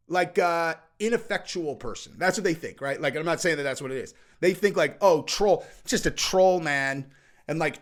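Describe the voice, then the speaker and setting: Man, commentary host, casual rant, profane, blunt, wry, fairly high voice.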